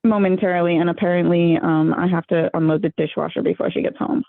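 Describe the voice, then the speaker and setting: A woman playing a tabletop game over a call, speaking hesitantly with frequent pauses. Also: on the low side, steady tone, gravelly, no echo. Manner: hesitant, with many ums. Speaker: player. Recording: thin phone-like call audio.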